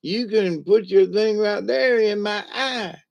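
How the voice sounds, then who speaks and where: A man's voice: high-pitched, slow pace, gravelly, voice pushed up, heavily acted. A man voicing a crotchety old granny who runs a cathouse, in a folksy drawl. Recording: lo-fi recording.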